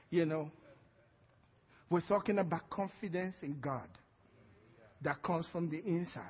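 Male pastor with a Nigerian accent, high and husky, emphatic call-and-response preaching; lo-fi church recording. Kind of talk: sermon. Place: church hall. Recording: dull lo-fi sound with long hall reverb.

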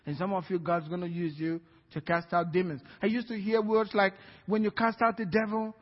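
A man preaching a sermon as pastor, telling a story with laughter and rising to shouts. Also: sits high, little pitch movement, brisk. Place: church hall. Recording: dull lo-fi recording in a reverberant church hall.

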